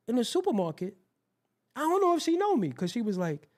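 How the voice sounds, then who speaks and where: A man hosting his own show, telling a rambling, profane story in a casual, animated way. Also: extremely high pitch, fairly quick. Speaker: host.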